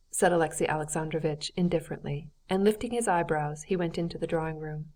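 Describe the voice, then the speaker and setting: A woman narrating a classic novel as an audiobook in a steady, even reading voice. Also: deep voice, fast. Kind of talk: scripted narration.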